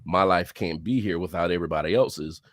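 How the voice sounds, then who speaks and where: A man chatting casually in a group, animated, jumping into high squeals when joking. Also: a little fast, no room sound. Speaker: podcast host.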